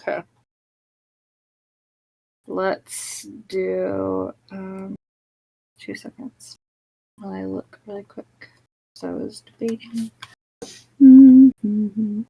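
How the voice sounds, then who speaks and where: Slow, gravelly woman player. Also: mid-range voice, flat delivery, dark tone, no room sound, rough recording. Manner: blunt, swears freely. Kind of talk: casual game table chat.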